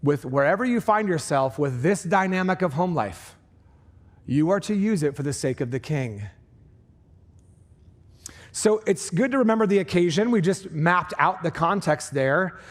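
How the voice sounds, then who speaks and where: A man with a high, light voice preaches to a church congregation. He keeps the delivery conversational and breaks into animated asides as he explains the passage. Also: normal speed. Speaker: pastor. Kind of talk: sermon. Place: church sanctuary.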